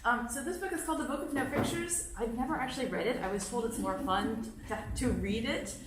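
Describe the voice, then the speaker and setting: A woman's voice: on the high side, fairly quick, background noise. A woman reading a silly children's book aloud to kids during a congregation service, playful and laughing, making goofy sounds. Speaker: reader of the children's story. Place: congregation meeting room. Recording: very echoey hall, voice far from mic.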